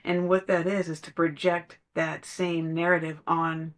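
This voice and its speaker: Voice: medium pitch, little pitch movement, a little slow, fairly bright tone. A podcast speaker in casual spiritual talk, telling stories conversationally and laughing now and then.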